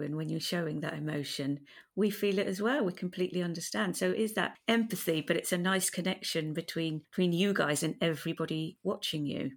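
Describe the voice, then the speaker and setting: Gravelly-voiced woman hosting a podcast. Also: fairly low pitch. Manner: supportive, measured questioning. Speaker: podcast host. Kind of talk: conversational interview.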